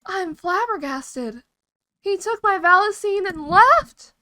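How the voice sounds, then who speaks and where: Woman gaming streamer, very high voice, lively, excitable, swears, game music behind. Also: measured pace, background noise. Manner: excitable, swearing, gasping reactions. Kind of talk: casual let's-play commentary.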